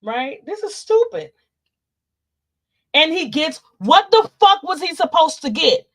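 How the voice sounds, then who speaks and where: A woman's voice: very high voice, big pitch swings, slow pace. A woman in casual commentary, ranting and cursing in an exasperated way, with speech. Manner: profane, loud, exasperated ranting. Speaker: commentary vlogger.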